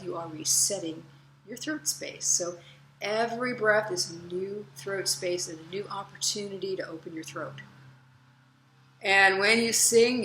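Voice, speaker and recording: A middle-aged woman voice teacher giving a casual lesson, relaxed and chatty, breaking into loud vocal demonstration sounds. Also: medium pitch, echoey room, slight background noise.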